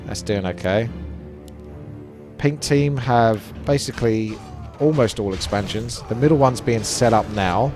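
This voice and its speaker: A man's voice: mid-range voice, measured pace. Male caster, chatty play-by-play, faint music underneath. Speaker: esports caster. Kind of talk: live game commentary.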